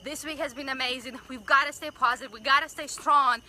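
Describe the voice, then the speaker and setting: A woman hosting a Facebook Live stream, chatting excitedly with viewers and leading a prayer of thanks. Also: sits high, a little fast, a little hiss or hum, rough recording. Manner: excited, gushing, greets viewers by name. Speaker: community livestream host. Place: outdoors by a building, livestreaming. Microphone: phone livestream.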